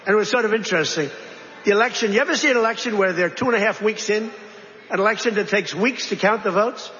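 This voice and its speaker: A man's voice: sits high, fast talker, bright, forceful tone, a little hiss or hum. A man giving a rambling political speech, full of repetitions and conversational asides. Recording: reverberant hall, dull lo-fi sound.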